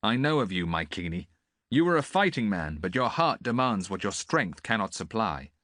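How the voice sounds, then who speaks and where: A man's voice: on the low side, very animated, normal speed, a bit bright, dry recording, clean studio sound. A man voicing a tall, confident young prince in an audiobook, commanding but amiable.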